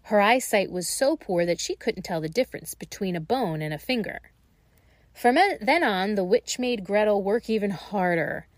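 A woman reading a fairy tale aloud in a slow, gentle and expressive way. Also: medium pitch, no room sound. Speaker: storyteller.

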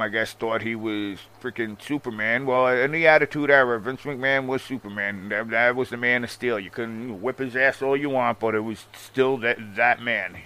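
A man ranting casually about wrestling history in a profane, animated and sarcastic manner. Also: medium pitch, smooth. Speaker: wrestling commentator. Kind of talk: casual rant.

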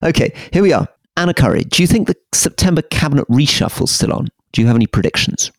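A man co-hosting a political podcast in casual chat, animated and teasing, keen on history. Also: fairly high pitch, fast, dry recording, studio quality. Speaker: podcast co-host.

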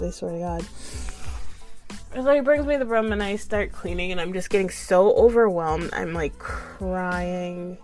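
A young adult woman telling a frustrated storytime, swearing freely and laughing often. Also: fairly low pitch. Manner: profane, animated, laughs often. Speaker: vlogger. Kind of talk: casual storytime monologue.

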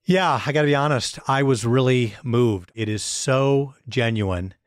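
A man's voice: medium pitch, a little slow, no room sound, studio quality. A man hosting an interview show, thanking his guest and reflecting casually. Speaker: host.

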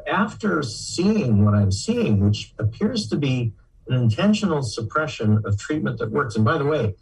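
An older man answering interview questions in a measured way, with hesitations and fillers. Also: medium pitch, big pitch swings, gravelly, husky, far from the mic, low-quality recording. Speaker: guest researcher.

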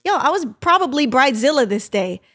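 A woman co-hosting a podcast as producer, chatting casually and telling her side in an animated, candid way. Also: high voice, fairly quick. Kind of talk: casual chat.

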